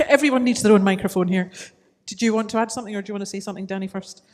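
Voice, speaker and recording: A woman's voice: mid-range voice, very fast, a little mellow. Female moderator, friendly and upbeat, heard off-mic in a reverberant hall. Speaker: panel moderator. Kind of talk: moderating a panel Q&A.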